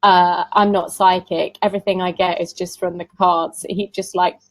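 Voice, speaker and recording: A woman's voice: on the low side, flat delivery, moderate pace, no room sound, rough recording. Chatty woman, dry close sound. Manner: chatty storyteller who laughs often. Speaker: tarot reader, summit guest. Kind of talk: casual conversational interview.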